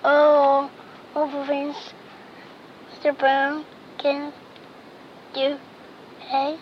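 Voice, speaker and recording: A woman's voice: high-pitched, slow pace. A woman reading a picture book aloud to a child, playfully imitating animal and object sounds and asking the listener to join in. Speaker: reader to a child. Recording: dull lo-fi with faint noise.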